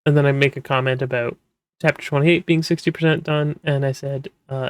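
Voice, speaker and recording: A man talks casually, rambling and restarting often, his voice sitting at an ordinary middle pitch. The sound is dry and close, with no room echo. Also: steady tone, brisk, smooth. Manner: rambling, with many fillers and restarts. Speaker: manga translator, podcast host. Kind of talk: casual explanatory talk.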